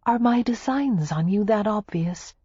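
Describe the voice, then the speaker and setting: A woman's voice: fairly high pitch, a little slow, husky, no room sound, muffled recording, pitched above the performer's own voice, full character voice. A woman voicing a playful, teasing young American heiress in an audiobook. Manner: teasing, lively.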